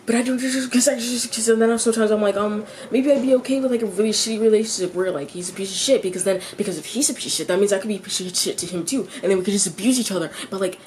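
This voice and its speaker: A teenage girl venting in a confessional vlog. She stops and restarts her sentences, repeats herself, swears freely, and her voice jumps high when she gets exasperated. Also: very fast, hardly any pauses, darkish tone, slight background noise. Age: teens.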